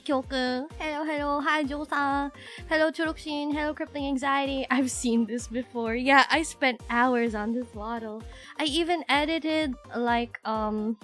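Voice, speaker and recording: A bright young VTuber with a high voice chats casually with viewers, talking fast and rambling animatedly while often interrupting herself. She's recovering from illness, so her voice sounds rough.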